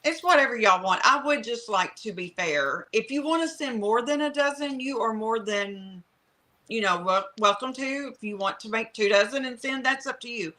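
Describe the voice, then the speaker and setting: A woman's voice: fairly high pitch, animated, normal speed, bright, forceful tone. A woman hosting a casual live chat from home, explaining plans with lots of ums and you-knows. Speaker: host of a live chat stream. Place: home room by a fireplace with a fan running. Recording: noisy home recording.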